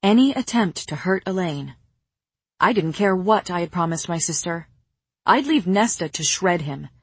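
A woman narrating an audiobook in a measured, even storytelling manner. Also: fairly low pitch, husky.

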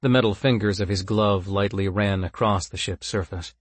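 A man narrating a science fiction story in a measured, even way. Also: on the low side, husky, no room sound.

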